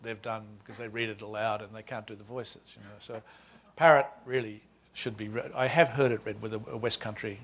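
A man in his sixties from Australia with an Australian accent, a novelist talking before a reading in a halting, self-deprecating way with many restarts. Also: on the low side, flat delivery, fairly bright tone, slight background noise. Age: 60s. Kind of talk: author talk before a reading.

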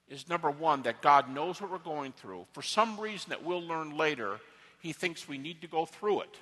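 A man giving an emphatic, dramatic sermon-like lecture in an auditorium, swinging between hushed and loud. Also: high voice. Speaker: lecturer on religion. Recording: long reverb of an auditorium.

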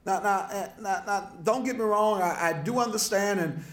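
A man's voice: sits high, moderate pace, a bit bright, roomy sound. A man preaching a sermon, passionate, with repetitions and stammered restarts. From New Orleans, USA. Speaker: pastor. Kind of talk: sermon lecture. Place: lecture hall.

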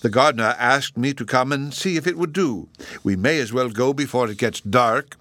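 A man voicing a kindly, excitable old male professor with a fussy, chirpy manner. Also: medium pitch, moderate pace, dry recording, voice pushed up, close to an everyday voice. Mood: fussy, cheerful.

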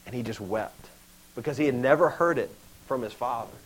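A young man preaching a sermon in a casual, animated way, acting out the voices he quotes. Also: mid-range voice, a little fast, breathy edge, low-quality recording. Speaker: pastor.

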